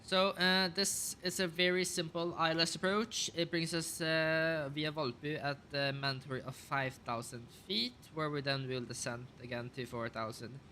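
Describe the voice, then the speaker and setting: A man with a bright, forceful voice talks through a simulated flight, reading out checklist steps and figures as he goes. He thinks aloud, with a steady stream of ums and uhs and quick self-corrections. A faint hiss sits under his voice. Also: on the high side. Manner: thinks aloud, calls out checklist items with many fillers. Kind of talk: casual flight sim commentary.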